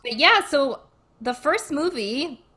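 A woman's voice: high voice, expressive, slow, bright, forceful tone. A woman with a Cranston, Rhode Island accent co-hosting a podcast, chatting casually and laughing often. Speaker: podcast co-host. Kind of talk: casual chat.

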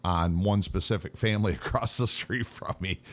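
Man, podcast co-host, casual chat, laid-back, rambling, profane, lowish pitch. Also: moderate pace.

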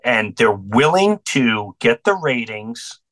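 A middle-aged man with a bright, forward voice tells a story with earnest intensity. He acts out both sides of the conversations he recalls. His voice sits close and dry, with little room around it. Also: mid-range voice, very animated, slow, dry recording. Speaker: guest comedian. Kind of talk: storytelling in a podcast interview.

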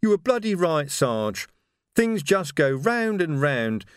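A man's voice: fairly high pitch, normal speed, no echo, clean studio sound, natural voice. A man voicing a grieving, bitter male militiaman who weeps and rails against the world. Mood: bitter despair. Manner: bitter, wailing. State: crying.

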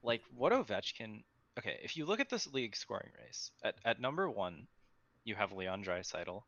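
Deep, bright-toned man on a dry, dull mic. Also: sing-song, moderate pace, no room sound. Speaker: podcast panelist. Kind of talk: casual sports chat.

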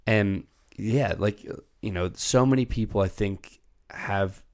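A man's voice: on the low side, slow, a little mellow. A man hosting a podcast, reflective and casual, with frequent restarts. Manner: reflective, repeats himself with restarts. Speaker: podcast host. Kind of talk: casual interview questions.

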